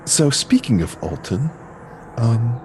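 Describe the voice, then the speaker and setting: A man's voice: mid-range voice, very animated, takes it slowly, darkish tone, a little hiss or hum. A man playing a tabletop game, asking blunt questions in casual role-play banter. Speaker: player.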